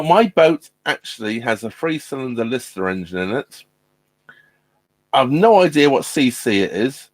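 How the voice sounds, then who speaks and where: A man's voice: fairly low pitch, no room sound. A middle-aged man chatting casually on a live stream from inside his narrowboat, hesitant and full of ums and restarts. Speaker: vlogger hosting a live stream. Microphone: laptop mic.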